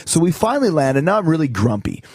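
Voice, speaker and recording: A man guest on a radio talk show, telling stories in a profane, animated way. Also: on the high side, fast talker, husky, no echo. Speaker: guest, wrestler and musician. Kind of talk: casual radio chat, storytelling.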